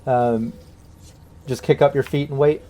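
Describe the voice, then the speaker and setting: Male game master, mellow tone, relaxed narration of an online tabletop game. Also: mid-range voice, unhurried, a little hiss or hum. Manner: easygoing, with many fillers and laughs.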